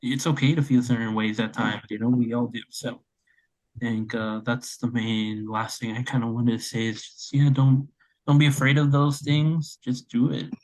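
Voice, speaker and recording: A man's voice: mid-range voice, flat delivery, moderate pace, a little mellow, rough recording. A young man in his twenties co-hosting a casual podcast, speaking earnestly with many fillers. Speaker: podcast co-host.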